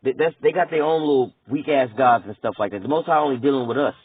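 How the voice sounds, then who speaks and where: A man's voice: mid-range voice, fast talker, slightly rough, no room sound. Profane, rambling man preaching over a tinny line. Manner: blunt, profane, rambling, asks "all right?" often. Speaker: preacher teaching scripture. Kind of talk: casual street-style Bible teaching. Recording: tinny phone-like recording.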